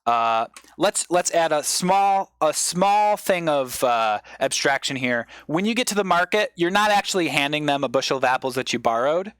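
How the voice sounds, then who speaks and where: A male comedian on a live stream, giving an improvised mock lecture as a rambling explainer with sudden excited bursts. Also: on the high side, moderate pace, hardly any pauses, clean tone, dry recording.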